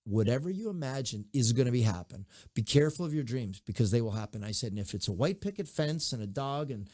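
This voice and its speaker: A man's voice: medium pitch, quick pace, dry recording, studio quality. A middle-aged man, a mayor, giving advice in a conversational interview, telling stories and acting out the people he quotes. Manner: animated storyteller, acts out quoted voices.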